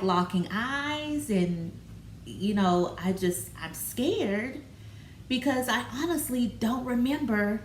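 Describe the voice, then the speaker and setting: A woman speaks in a candid personal vlog, halting and open, leaning on fillers. Her voice sits at a middle pitch. The room is echoey, with a faint background hiss. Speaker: vlogger. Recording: roomy with faint background noise.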